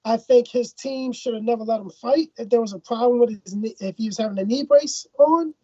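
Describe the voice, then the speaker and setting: Woman from Ireland, boxing co-host, higher and darker-toned, husky, on a dull dry line. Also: brisk, warm tone, dry recording. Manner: opinionated, repeats words when thinking. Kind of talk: casual boxing talk.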